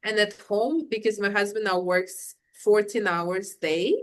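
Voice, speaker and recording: A woman's voice: medium pitch, measured pace. A woman, a working mother, in a casual podcast chat, talking fluently and leaning on repeated words for emphasis.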